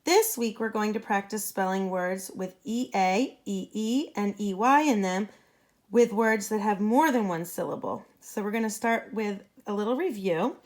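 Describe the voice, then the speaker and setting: A woman teacher giving a patient phonics lesson to young students, modeling sounds clearly for them to repeat. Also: mid-range voice, normal speed, darkish tone.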